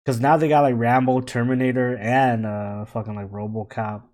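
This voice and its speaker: A man's voice: mid-range voice, flat delivery, moderate pace, a little mellow. A young man co-hosting a gaming podcast in casual chat, laid-back, swearing and laughing often. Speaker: podcast co-host.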